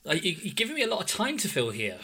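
A man's voice: high-pitched, wildly swooping pitch, quick pace, bright, forceful tone, slight background noise. A man hosting a casual podcast, talking in a wry, teasing way. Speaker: podcast host. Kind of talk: casual chat.

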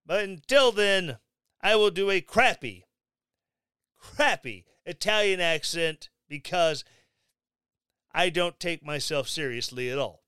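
A man giving sarcastic, mocking commentary on the news, with animated asides. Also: sits high, slow pace, long pauses, clean tone, dry recording. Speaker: commentary vlogger.

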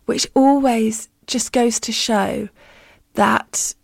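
A woman's voice: fairly high pitch, fairly even intonation, very slow, creaky, no echo, studio quality. A woman who hosts a podcast as a medium, telling stories in a candid, self-deprecating, casual way.

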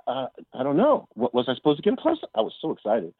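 Husky man telling stories over a tinny line. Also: medium pitch, quick pace, hardly any pauses, no room sound. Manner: animated storyteller, acts out quotes. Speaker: podcast guest. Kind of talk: casual storytelling.

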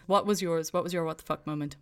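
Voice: medium pitch, steady tone, fast talker, smooth. A podcast co-host in a casual film chat, agreeable and prompting the other host with questions.

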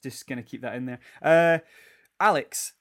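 A man's voice: mid-range voice, moderate pace, a bit bright. Rambling, chatty man. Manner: rambling, self-correcting, chatty. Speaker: podcast co-host. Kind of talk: casual chat about films.

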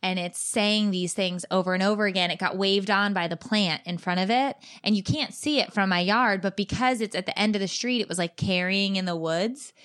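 A mother co-hosting a podcast, telling stories in a chatty, animated way and acting out the quotes. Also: mid-range voice, brisk, few pauses. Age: adult mother. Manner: animated, comic storytelling with acted-out quotes. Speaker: podcast co-host. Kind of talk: casual chat.

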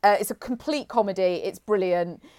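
A woman's voice: mid-range voice, moderate pace, dark tone. A woman co-hosting a podcast, chatting enthusiastically and recommending things with frequent restarts. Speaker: podcast co-host. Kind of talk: casual chat.

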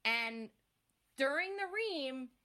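A woman's voice: high-pitched, slow pace. A young woman co-hosting a casual chat, retelling a movie plot with lots of swearing and acted-out lines. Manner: profane, animated storyteller acting out scenes.

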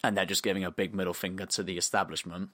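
A man's voice: racing, dry recording. A man co-hosting a podcast, bantering casually and voicing strong opinions. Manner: opinionated, lively, drops to a low mutter when arguing. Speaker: podcast co-host.

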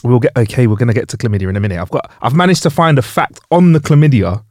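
A man's voice: mid-range voice, sing-song, racing, a little mellow, no room sound, studio quality. A man hosting a comedy podcast, casually sharing facts and laughing easily. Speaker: podcast host.

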